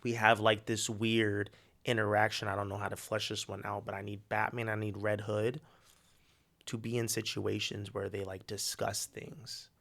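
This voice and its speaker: Gravelly man telling a story animatedly. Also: lowish voice. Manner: animated, slangy storytelling with quick acted quotes. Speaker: podcast co-host. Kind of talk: casual chat.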